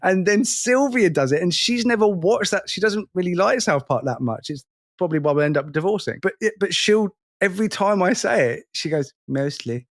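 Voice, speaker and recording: A man's voice: sits high, lively intonation. A man in his forties co-hosting a podcast, chatting casually and rambling with self-deprecating jokes. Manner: rambling, self-deprecating, quick to laugh and quote lines. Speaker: podcast co-host. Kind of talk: casual chat.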